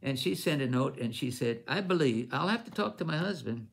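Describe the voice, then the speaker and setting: A man's voice: mid-range voice, expressive, fairly quick, gravelly, few pauses. An older man, a ministry leader, telling a long personal story at a missions conference in a rambling, informal way, restarting sentences as he goes. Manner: rambling with restarts, acts out others' lines in raised voice.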